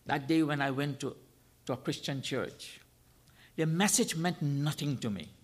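A man's voice: on the high side, moderate pace. A man preaching a sermon as a guest speaker, emphatic, repeating key phrases and asking rhetorical questions.

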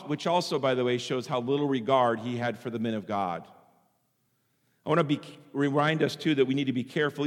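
A man preaching a sermon in an animated way, sometimes acting out the voices of the people he quotes. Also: medium pitch. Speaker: pastor. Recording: long hall reverb.

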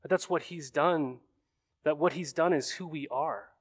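A man's voice: fairly high pitch, unhurried, slightly rough. A man in his thirties preaching a sermon in a conversational way, often checking in with rhetorical questions. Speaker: pastor.

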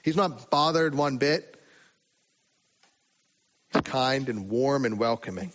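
A man preaching a sermon in a relaxed, conversational way, with rhetorical asides to the listeners. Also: mid-range voice, slow pace, highs cut off. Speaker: pastor.

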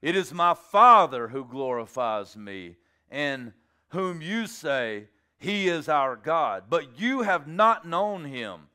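A man preaching and voicing Jesus as a calm teacher who speaks slowly and with a cutting edge. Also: fairly high pitch, clean tone, exaggerated voice. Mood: solemn. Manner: slow, deliberate, pointed.

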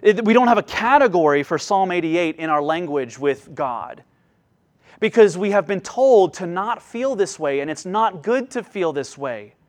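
A man in his thirties delivers a sermon in an earnest, searching way. His fairly high voice surges up for emphasis and sinks low and quiet. He often stops and restarts his phrases. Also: animated, moderate pace. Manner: earnest, rising and falling delivery with frequent restarts. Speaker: pastor.

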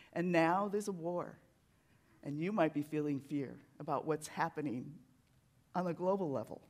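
Sermon, preacher, conversational storytelling, animated, lively pitch, mid pitch. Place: church sanctuary.

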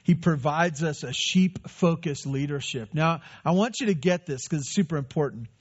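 A man's voice: a little high, normal speed, breathy edge, muffled recording. A man preaching a sermon in a conversational way, asking rhetorical questions and answering them. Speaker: pastor.

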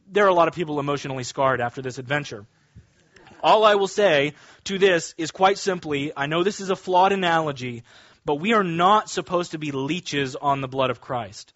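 A male pastor with a high voice delivers a sermon, moving from a casual story into forceful, drawn-out readings of scripture. The sound is dry and close, a little muffled. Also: no echo.

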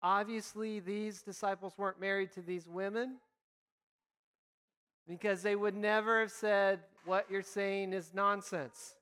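A man's voice: high-pitched, flat delivery, measured pace, pushed and bright, clean tone. A man preaching a sermon as a pastor, reading scripture and acting out imagined conversations in a conversational way. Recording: reverberant hall.

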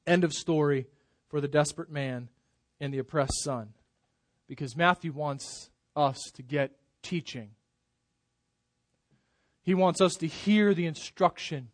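A pastor preaching a sermon, pressing hard on key words and then dropping to a near hush. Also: male voice, high-pitched, no room sound. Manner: emphatic preaching, swells loud then drops soft.

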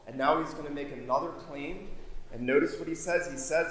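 A man's voice: fairly high pitch, a little fast, a bit bright. A man delivers a sermon as pastor, his voice rising in sudden emphatic swells. He sounds a little way off from the microphone, in a large church with a long, echoing reverb and faint room hiss behind him. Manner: preaching with emphatic swells in volume. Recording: echoey hall, mic at a distance.

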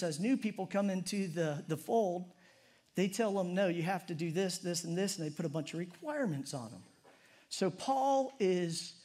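A man preaches to his congregation in an easygoing, humorous way. His voice sits a bit high for a man. He sounds middle-aged and talks like he's chatting with friends. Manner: conversational and humorous, prayer drops soft and low. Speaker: pastor. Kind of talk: sermon.

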